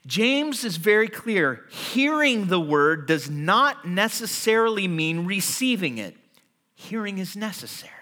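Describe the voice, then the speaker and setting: Bright, lively male preacher. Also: high voice, measured pace. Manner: animated storytelling, acting out everyday scenes. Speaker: pastor. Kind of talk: sermon.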